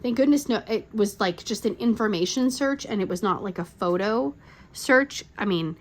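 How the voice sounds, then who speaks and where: In an animated, mid-range voice at normal speed, a middle-aged woman running a crafting channel chats and tells stories, rambling with plenty of "like" fillers and frequent laughter.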